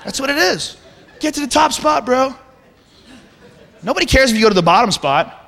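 A male stand-up comedian with a very high, lively voice and a bright edge, ranting in disbelief and swearing freely. His voice rings through a large venue with a long echo, and a live audience is faintly heard. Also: normal speed, gravelly, pauses often. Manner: profane, ranting, incredulous.

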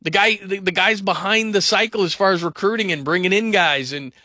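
A man hosting a sports talk radio show, animated and rambling as he talks through calls. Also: high-pitched, a little fast, dry recording, clean studio sound.

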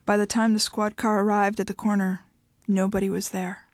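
A woman reading her own short fiction aloud in a measured, even manner. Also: medium pitch, background noise. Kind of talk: literary story reading.

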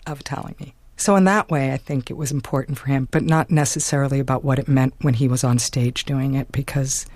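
A woman's voice: very deep voice, fairly even intonation, a little fast, a little mellow, dry recording. A woman guest in an interview, talking casually with frequent "like" and easy laughter. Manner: casual, lots of "like", laughs easily. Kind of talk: conversational interview.

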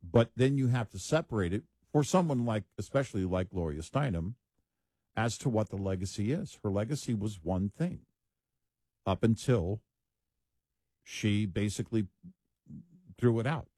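Low-voiced measured male co-host. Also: animated, dark tone, no room sound. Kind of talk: casual talk show commentary.

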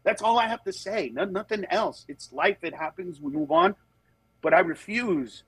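A man who works as a comedian, telling candid stories in conversation and moving between animated voices and earnest, steady points. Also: sits high, normal speed, vocal fry, breathy edge, no room sound, low-quality recording. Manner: animated, jumps into voices of other people mid-story. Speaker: comedian guest.

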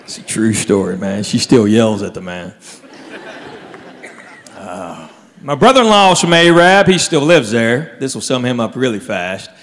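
A man performing a stand-up routine, telling animated stories and acting out his relatives. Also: mid-range voice, a little slow. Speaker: stand-up comedian. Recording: live venue with long reverb, faint crowd noise.

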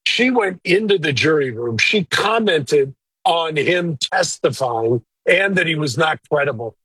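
A man who works as a lawyer, giving blunt, opinionated but measured answers in an interview. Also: on the high side, sharp tone, slightly rough, no echo, low-quality recording. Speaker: lawyer guest.

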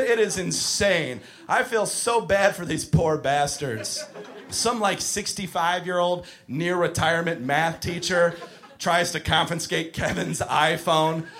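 A man doing a stand-up comedy set, telling profane, animated stories about teaching preschool. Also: a little high.

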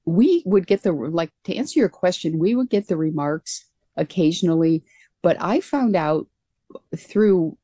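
A woman's voice: on the low side, animated, measured pace, warm tone, dry recording. A woman guest being interviewed about her years as a pilot, speaking earnestly and conversationally with frequent restarts. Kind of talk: conversational storytelling.

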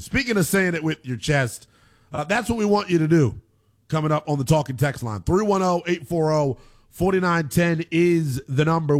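Brash sports radio guy on a studio mic, talks big and mocks the other team, kinda higher voice. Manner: brash, hyperbolic, mocking. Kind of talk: sports talk radio rant.

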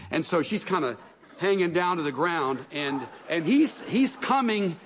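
Animated middle-aged preacher in a hall. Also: male voice, on the high side, measured pace, slight background noise. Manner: animated storyteller, acts out quotes with asides. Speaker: pastor. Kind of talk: conversational sermon. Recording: long reverb of a large hall.

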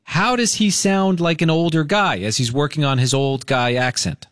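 A man's voice: on the high side, moderate pace, fairly bright tone, no room sound. A male radio host in a studio, upbeat and playful as he chats with a caller. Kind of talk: morning radio banter. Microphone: studio microphone.

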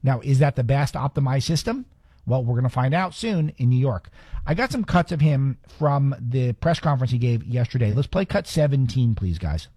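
A man hosting a political talk show, delivering sarcastic, opinionated commentary in a rapid-fire rant. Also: mid-range voice, expressive, mellow, slightly rough, dry recording.

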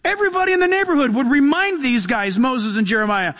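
A man preaching a sermon in a lively, animated way, acting out quotes and laughing often. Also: very high voice, quick pace. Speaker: pastor. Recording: long hall reverb.

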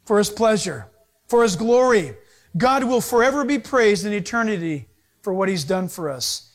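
A man, a pastor, preaching a sermon, lively and joking, acting out little scenes with voices. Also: high voice, moderate pace. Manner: animated, acts out voices and jokes with the audience.

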